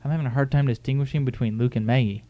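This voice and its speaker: A man's voice: medium pitch, fairly even intonation, racing, dry recording, lo-fi sound. A middle-aged man hosting a casual home podcast, rambling and joking at his own expense. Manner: rambling, self-mocking and jokey. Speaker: podcast host.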